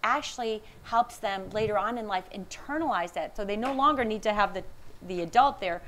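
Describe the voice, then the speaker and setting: A woman's voice: mid-range voice, brisk, slight background noise, low-quality recording. Woman giving an anecdotal conference talk. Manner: warm anecdotal, laughs often, quoting others. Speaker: speaker, researcher on empathy. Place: conference room.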